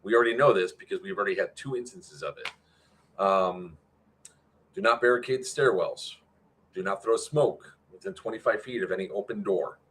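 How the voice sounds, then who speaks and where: Low-voiced man rambling through updates. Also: normal speed, a bit bright, a little hiss or hum. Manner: rambling, filler-heavy, answers chat. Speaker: airsoft event organizer. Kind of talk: casual livestream update.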